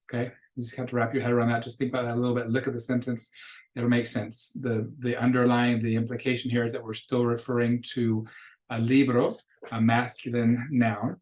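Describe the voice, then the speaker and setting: A middle-aged man with a voice of ordinary pitch talks through a recorded grammar lesson. His explanations are casual and chatty. He stops to correct himself and checks in with the students as he goes. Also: flat delivery, brisk, a little mellow. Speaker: Spanish teacher. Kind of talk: recorded classroom lecture.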